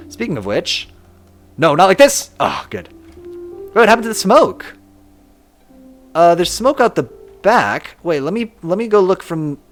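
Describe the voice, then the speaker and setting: A young man streaming a game and chatting with his viewers, talking casually, self-deprecating and laughing often. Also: a little high. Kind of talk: casual live-stream chat, reading chat aloud.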